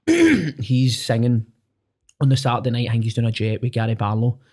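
A man's voice: medium pitch, big pitch swings, moderate pace, darkish tone, breathy edge. A young man in his twenties with a Glaswegian accent, telling stories in casual chat, swearing freely and acting out what people said. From Scotland. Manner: swears freely, acts out quotes, keeps asking "do you know what I mean". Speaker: podcast guest, singer.

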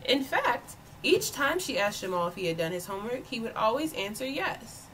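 A woman volunteer reading a children's picture book aloud with expressive storytelling. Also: fairly high pitch, normal speed, noisy background. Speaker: volunteer reader.

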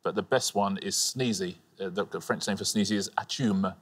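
A man co-hosting a quiz show, chatting trivia in a relaxed, wry way. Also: deep voice, normal speed. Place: TV studio.

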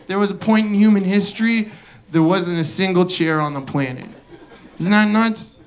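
A male comedian doing a profane, incredulous stand-up rant on a club stage, breaking into shouted outbursts. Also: high-pitched, normal speed. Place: comedy club stage before a live audience. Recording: live club audience laughing. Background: audience laughter.

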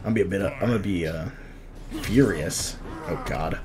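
A young man giving live commentary over his fighting-game matches, casual and self-critical, muttering under his breath and then yelling out at big moments. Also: deep voice, normal speed, a crowd in the background. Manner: reactive, swings from muttering to sudden shouts. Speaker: gameplay commentator.

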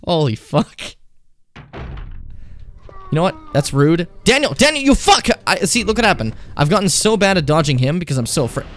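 A man's voice: high-pitched, sing-song, moderate pace. A young man playing a horror game on stream, chatting casually, swearing a lot and taunting the enemy. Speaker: let's play streamer.

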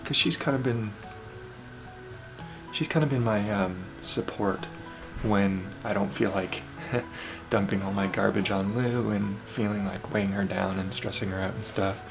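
A man talks to camera in a relaxed, halting way, stopping often with ums. His mid-pitched voice has a gravelly edge, with music playing underneath. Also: rough recording. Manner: halting, full of ums and pauses. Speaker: vlogger. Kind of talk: heartfelt casual talk to camera.

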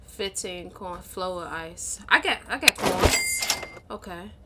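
A woman co-hosting a home gaming video, talking loudly and excitably into a headset. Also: takes it slowly. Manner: loud, high yelling, excitable. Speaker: gaming channel co-host. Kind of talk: casual gameplay commentary. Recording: keyboard clicks and typing noise.

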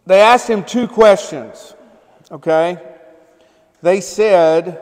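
A man's voice: high-pitched, very slow, long pauses. A male pastor preaching a sermon in a loose, conversational way, often checking in with the congregation. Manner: conversational, keeps asking the congregation "right?" and "amen?". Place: church sanctuary. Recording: long church hall reverb.

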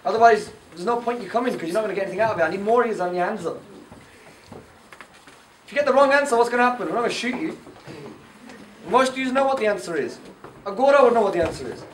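A man giving a lively, story-driven talk to teenagers at a youth camp, quizzing his audience as he goes. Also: high voice, quick pace, long pauses. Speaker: camp speaker. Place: indoor camp hall. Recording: echoey room, far from the mic, faint noise.

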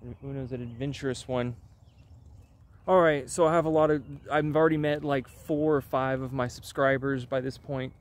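A man chats loosely to his viewers in a rambling, wry vlog. His voice sits at an ordinary middle pitch, and his delivery is offhand and meandering. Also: fairly even intonation, normal speed. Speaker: channel host. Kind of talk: casual vlog chat.

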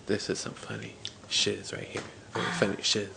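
A man's voice: lowish voice, monotone, moderate pace, creaky. Teenage guy joking on a noisy home video. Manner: joking, mocking banter. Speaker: video maker filming friends. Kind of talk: casual teasing chat.

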